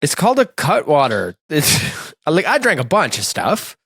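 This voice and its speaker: A man co-hosting a podcast, chatting casually and telling animated, self-mocking stories with profanity. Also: fairly high pitch, unhurried, vocal fry, breathy edge. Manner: animated storytelling, acts out his own scared drunken voice in quotes. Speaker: podcast co-host. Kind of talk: casual chat.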